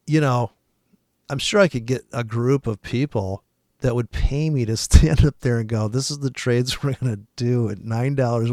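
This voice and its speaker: A man's voice: medium pitch, a little mellow, no room sound, clean studio sound. A man giving a rambling, profane forex market commentary, swearing often and laughing at his own jokes. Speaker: forex trader giving weekly forecast.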